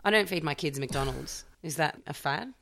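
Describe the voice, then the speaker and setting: Low-voiced woman, chatty. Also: expressive, moderate pace, creaky, fairly bright tone. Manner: chatty and frank. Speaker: book club podcast co-host. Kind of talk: casual chat.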